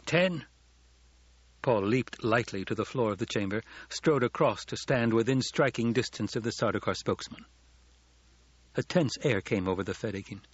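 A man narrating a novel as an audiobook, in steady storytelling. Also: lowish voice, normal speed, breathy edge, no room sound. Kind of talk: scripted narration. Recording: dull lo-fi audiobook recording.

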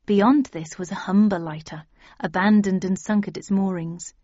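A woman's voice: mid-range voice, fairly even intonation, moderate pace, mellow, no echo, dull audio. A woman reading a first-person story aloud, in a dry, wry manner. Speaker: audiobook narrator. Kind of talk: scripted first-person narration.

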